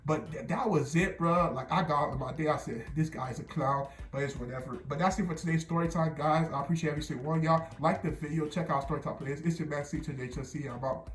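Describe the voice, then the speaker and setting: A man's voice: fairly high pitch, fast, few pauses, soft background music. Rambling, slangy young man in echoey room. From New Jersey. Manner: rambling, slangy, with many restarts and repeated words. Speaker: YouTuber telling a story. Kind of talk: casual storytelling.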